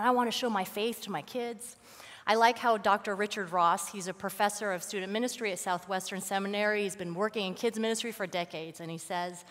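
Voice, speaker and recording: A woman giving a lively, conversational sermon as a guest speaker, telling stories with casual fillers. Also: on the high side, big-room sound. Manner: animated, casual storytelling with fillers. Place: church sanctuary.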